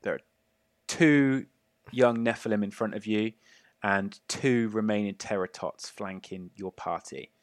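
A man's voice: lowish voice, measured pace, no room sound. A man narrating as game master of a tabletop game, describing gory action with relish and lots of fillers. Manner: gleeful, gory narration with frequent fillers and laughs.

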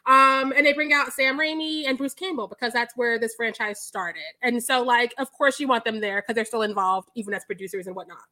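A woman with a high, bright voice co-hosts a casual podcast chat. She tells stories animatedly, swearing freely and piling on the details. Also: fairly quick, hardly any pauses. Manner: animated, profane storytelling with laughs. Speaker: podcast co-host.

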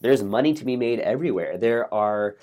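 A man's voice: medium pitch, a little fast. Brief: middle-aged male guest, upbeat, tells stories with playful voices. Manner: energetic, optimistic, acts out voices in a joke. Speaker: podcast guest, author. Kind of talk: casual interview storytelling.

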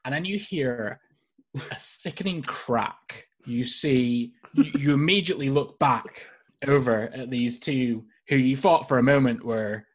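Laid-back male dungeon master, husky voice. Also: medium pitch, a little slow. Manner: casual, hesitant narration with many fillers. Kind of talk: narrating a tabletop game. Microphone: video call.

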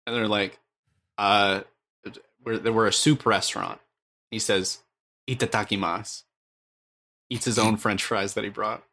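A man's voice: lowish voice, little pitch movement, measured pace, sharp tone. A man co-hosting a comedy podcast, making wry, laughing asides. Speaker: podcast co-host.

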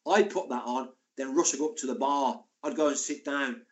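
A man, a former footballer telling lively anecdotes as a podcast guest. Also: mid-range voice, brisk. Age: 60s. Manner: animated, laughing anecdotes. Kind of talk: casual storytelling.

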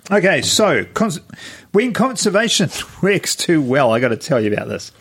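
A man's voice: fairly high pitch, sing-song, normal speed, gravelly, fairly bright tone, breathy edge. A man, co-hosting a podcast in casual chat, laid-back as he brings up news stories. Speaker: podcast co-host.

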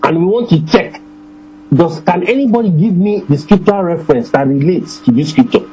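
A man preaching a sermon to his congregation, emphatic, repeating phrases and slowing down to stress scripture. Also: high voice, lively intonation, warm tone, a little hiss or hum, low-quality recording.

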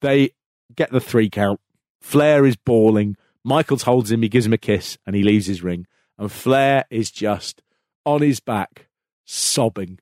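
A man co-hosting a podcast, telling a story in an animated way, laughing and restarting his sentences when he gets excited. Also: lowish voice, unhurried, no room sound, clean studio sound. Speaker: podcast co-host. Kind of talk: casual storytelling chat.

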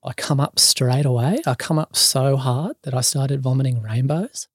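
A man's voice: mid-range voice, moderate pace, breathy edge, no room sound. Rambling Australian man with a dry close sound. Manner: rambling, many ums and likes, swears freely. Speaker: podcast guest. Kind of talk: casual storytelling.

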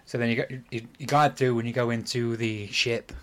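A man's voice: mid-range voice, fairly even intonation, fairly quick. A man, casually retelling a game's plot on a podcast, rambling and apologizing as he goes. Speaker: podcast host. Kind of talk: casual chat.

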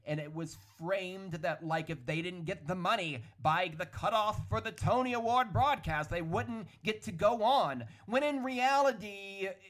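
A man with a slightly high, hoarse voice rants on his own podcast, close to the microphone. He talks in an animated, opinionated way and keeps hedging his claims. His voice sounds worn out from long talking. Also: moderate pace. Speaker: podcast host. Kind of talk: solo ranting podcast monologue. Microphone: studio podcast microphone.

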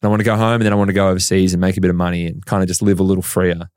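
A man's voice: deep voice, rapid-fire, no echo, clean studio sound. An Australian man, a professional basketball player, telling his story as an interview guest and acting out the dialogue in it. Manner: animated storyteller who acts out quoted dialogue.

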